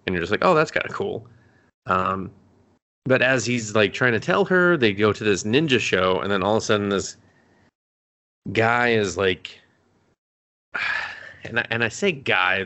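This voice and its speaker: A man co-hosting a podcast, recapping a show in casual chat, swearing a lot and rambling with animated asides. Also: on the low side. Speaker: podcast co-host.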